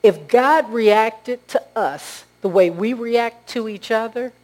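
A woman's voice: fairly high pitch, slow, darkish tone, poor audio. A woman preaching a sermon with earnest storytelling and rhetorical questions.

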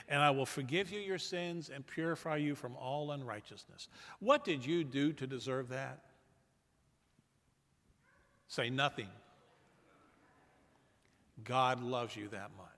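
A male pastor preaches with a bright, ringing voice pitched a little higher than most men. His delivery is emphatic, rising loud and then dropping to a hush. The sound carries the long reverb of a big church hall. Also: animated, moderate pace. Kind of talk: sermon.

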